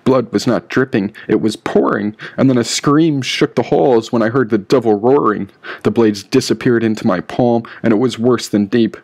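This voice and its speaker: A man's voice: medium pitch, moderate pace, gravelly, a little mellow. Man narrating a grim audiobook. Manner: grim, rhythmic first-person telling. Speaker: author reading his own book.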